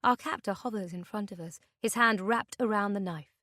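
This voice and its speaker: A woman reading a thriller audiobook in the first person, with a tense, measured delivery. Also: mid-range voice, bright, forceful tone, no room sound, studio quality. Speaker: audiobook narrator. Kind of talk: scripted narration.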